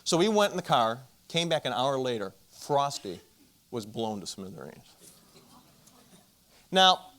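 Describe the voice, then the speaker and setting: A man speaking at a marriage conference, telling a self-deprecating story and addressing the audience with direct questions, his volume swinging from loud to hushed. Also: medium pitch, very animated, a little slow, long pauses. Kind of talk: storytelling Christian talk.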